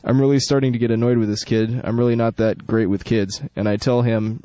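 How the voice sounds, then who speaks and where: A man's voice: medium pitch, little pitch movement, brisk, mellow, no echo. A young man hosting college radio, rambling, joking and correcting himself while he reads a story. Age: young adult. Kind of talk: casual radio chat and reading a story. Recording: dull dry lo-fi studio with faint music.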